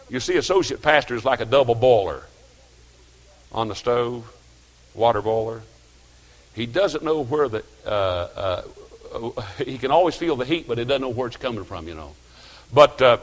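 An older man, preaching a sermon in a folksy storytelling way, dropping to quiet asides and rising to loud exhortation. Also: medium pitch, expressive, normal speed. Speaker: pastor.

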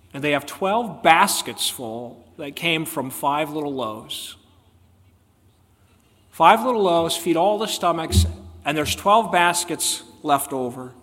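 A male pastor with a fairly high voice delivers an emphatic sermon, pressing his listeners with rhetorical questions. His voice rings out with a long reverb, as in a church sanctuary. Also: a bit bright.

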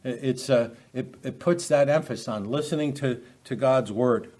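A man preaching a verse-by-verse sermon at a middling pitch. He speaks off the cuff, often restarting phrases and asking his listeners rhetorical questions. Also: normal speed, a little mellow. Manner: unscripted, many restarts, asks the audience rhetorical questions. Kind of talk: expository sermon.

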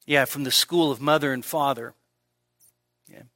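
Bright-voiced, self-deprecating male preacher. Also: medium pitch, normal speed, no echo, clean studio sound. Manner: candid, self-deprecating, joking asides. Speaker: pastor. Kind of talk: expository sermon. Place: church service.

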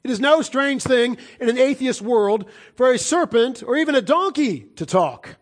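A middle-aged man preaching a sermon, emphatic, swinging between loud declarations and hushed, low lines. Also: animated, normal speed.

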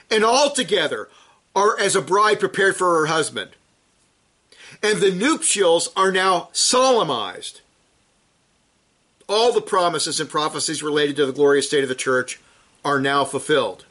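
A man preaching a sermon, teaching from scripture in an emphatic way that rises to forceful peaks and then drops low and quiet.

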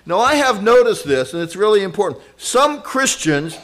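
A man preaching a sermon in an earnest, conversational way, moving between loud exclamations and hushed storytelling with casual asides. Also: high voice, very animated, moderate pace. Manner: conversational asides with fillers and chuckles.

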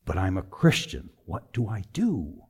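A middle-aged man preaching a sermon, telling a personal story with emotion, moving from quiet to emphatic. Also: low-pitched, very animated, a little slow, breathy edge. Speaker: pastor.

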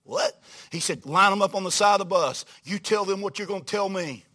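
A man preaching a storytelling sermon to a church congregation, folksy and animated, going from hushed quoted asides to loud exclamations. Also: high voice, brisk.

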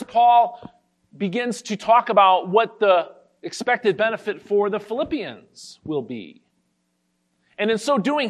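A man pastor giving an expository sermon, carefully explaining a Bible verse and reading the scripture slowly. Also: sits high.

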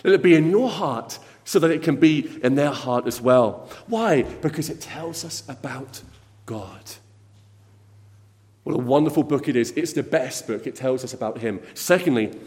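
A man preaching a sermon to a congregation, speaking earnestly and often repeating his words as he addresses the young people. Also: on the high side. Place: church. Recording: long hall reverb.

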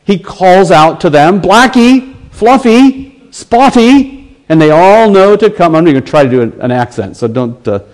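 A man's voice: a little high, expressive, darkish tone, poor audio. Earnest American man preaching a sermon. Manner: earnest preaching, slows right down on quoted scripture. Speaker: pastor.

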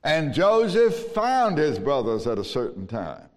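A man with a Southern US accent preaching a sermon as pastor, slow and emphatic with long pauses. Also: on the high side, wildly swooping pitch. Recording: long reverb of a large hall.

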